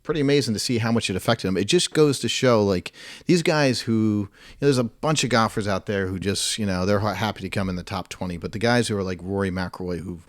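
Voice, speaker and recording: A middle-aged man co-hosting a casual sports talk show, relaxed and rambling, teasing his co-host. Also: on the low side, quick pace, no room sound, clean studio sound.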